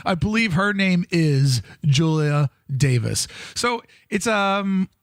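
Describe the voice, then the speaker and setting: Brief: upbeat podcast co-host, man, slightly high voice, dry close mic, jokey and profane. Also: takes it slowly, no room sound. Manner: animated, jokey, swears freely. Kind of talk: casual chat.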